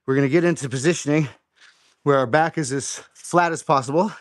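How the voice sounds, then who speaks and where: A man's voice: a little high, fairly quick, no echo, clean studio sound. A man hosting a live home workout, explaining form and counting reps aloud in an encouraging way. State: slightly out of breath. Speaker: fitness host.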